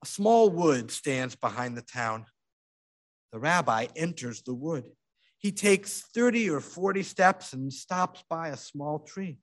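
A man recounting a tale in a sermon, his voice slightly higher than most men's. He moves between hushed tension and vivid emphasis. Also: slow pace. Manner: dramatic, hushed and expressive. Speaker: storyteller. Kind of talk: sermon storytelling.

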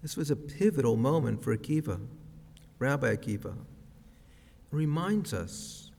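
Slow, measured male rabbi preaching. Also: medium pitch, lively intonation, vocal fry, darkish tone. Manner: slow, measured, reflective delivery. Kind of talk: sermon. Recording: long reverb of a large hall.

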